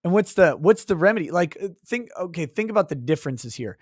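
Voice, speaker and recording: A man's voice: high voice, lively intonation, fast, no room sound, studio quality. Profane man hosting a live stream. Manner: profane, mock-ranting at chatters. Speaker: livestream host. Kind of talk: casual live-stream commentary reading chat.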